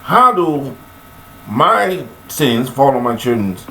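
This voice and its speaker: Gravelly man preaching in an echoey room. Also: very animated, slow pace, pushed and bright. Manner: preachy, rambling, with sudden high-pitched emphatic outbursts. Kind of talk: rambling spoken monologue on faith and forgiveness. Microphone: webcam.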